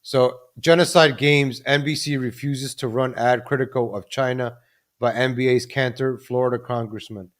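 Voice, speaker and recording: A man's voice: medium pitch, steady tone, moderate pace. A man hosting a live stream, ranting about the news and repeatedly addressing the audience. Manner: ranting, repeats ladies and gentlemen. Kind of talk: casual commentary live stream.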